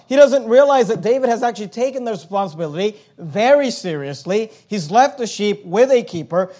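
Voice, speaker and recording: A man with a high voice delivers a sermon. He reads scripture aloud and explains it with steady, earnest emphasis. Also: a little fast. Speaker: pastor.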